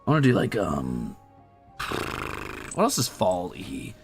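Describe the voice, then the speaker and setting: A man's voice: low-pitched, wildly swooping pitch, unhurried, breathy edge, soft background music. A man streaming while he draws, chatting casually and rambling, muttering to himself and teasing his cat. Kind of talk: casual chat while drawing.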